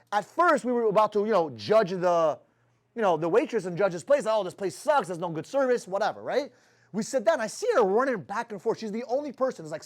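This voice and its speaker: A man leading his sales team in a motivational talk, blunt and profane, firing rhetorical questions at the room. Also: high voice.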